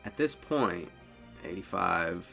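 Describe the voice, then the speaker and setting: Low gravelly guy rambling through his gameplay, faint game music behind. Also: animated, slow, pushed and bright. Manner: rambling, thinking aloud. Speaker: gameplay streamer. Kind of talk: casual gameplay commentary.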